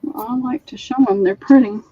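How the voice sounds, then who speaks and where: A woman's voice: medium pitch, steady tone, brisk, slightly rough, no echo, muffled recording. Chatty Southern woman selling linens. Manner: chatty, describes items in detail. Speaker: online sale host. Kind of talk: live-stream selling chat.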